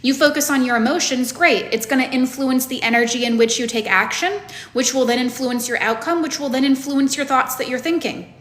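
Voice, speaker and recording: Woman, fairly high voice, blunt and profane coach, lecturing, echoey room. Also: fairly quick, a bit bright. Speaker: manifestation coach. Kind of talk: lecture to students.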